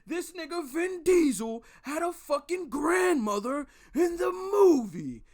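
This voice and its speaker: A man voicing his outraged male friend yelling a rant down the phone. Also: extremely high pitch, sing-song, slow, pitched above the performer's own voice, full character voice. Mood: furious. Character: furious young male friend ranting on phone.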